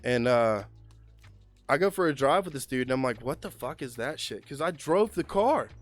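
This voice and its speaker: A man's voice: medium pitch, normal speed, faint music behind. A young man, a car mechanic co-hosting a podcast, telling a long shop story in casual, profane chat. He keeps tagging lines with "man" and "right?". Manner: animated storyteller, heavy swearing, filler "man" and "right?".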